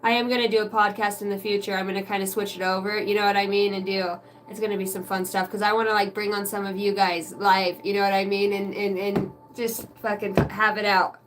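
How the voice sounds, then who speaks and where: A woman's voice: mid-range voice, little pitch movement, brisk, hardly any pauses, far from the mic, slight background noise, poor audio. A woman hosting a card-reading livestream, venting in a rambling, profane way and chatting with viewers by name. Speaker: oracle card reader and livestream host. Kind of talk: casual livestream rant.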